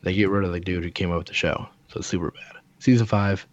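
A man's voice: low-pitched, fairly even intonation, fast talker, lo-fi sound. A man joking and chatting casually with a friend, swearing freely. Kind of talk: casual chat.

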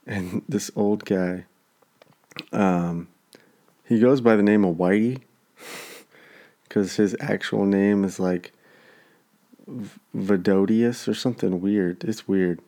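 A man with a fairly low, mellow voice tells a story in relaxed conversation. He jumps up into livelier voices when he quotes the people involved. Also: slow pace, pauses often. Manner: animated storyteller acting out quotes. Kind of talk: casual storytelling chat.

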